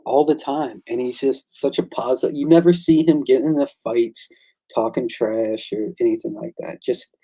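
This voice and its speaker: A man who creates and draws comics, chatting casually and excitedly, acting out the conversations he recounts. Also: medium pitch, normal speed, husky, poor audio. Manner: excitable storyteller, acts out quoted exchanges. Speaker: comic book creator and artist. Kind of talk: casual chat.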